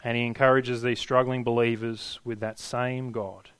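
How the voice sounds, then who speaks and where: A man's voice: mid-range voice, flat delivery, normal speed, clean tone, no room sound. Earnest male preacher, dry close sound. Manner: earnest, rising emphasis and hushed endings. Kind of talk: sermon.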